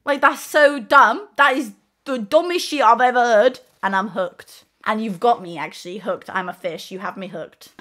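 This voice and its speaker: A woman's voice: a little high, a bit bright. Chatty young woman rambling. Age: 20s. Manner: chatty, jumps between tangents, swears casually; slips into playful put-on accents. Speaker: host. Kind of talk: rambling casual monologue.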